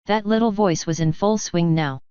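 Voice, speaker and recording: Brief: woman narrator for fan fiction, low pitch, very smooth clear voice, dry lo-fi recording. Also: normal speed, darkish tone, no echo. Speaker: fanfiction reader. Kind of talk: audiobook narration.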